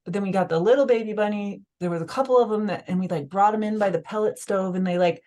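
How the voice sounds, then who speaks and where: A woman's voice: medium pitch, fast, hardly any pauses, dark tone. A woman telling a personal story as a podcast guest in casual conversation, emotional and full of "like" fillers. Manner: emotional, filler-heavy, lots of "like".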